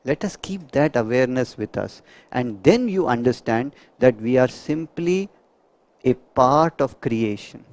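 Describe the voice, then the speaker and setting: A man's voice: mid-range voice, animated, measured pace, darkish tone, dry recording. A man giving a reflective spiritual talk to a group, asking rhetorical questions. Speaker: spiritual speaker.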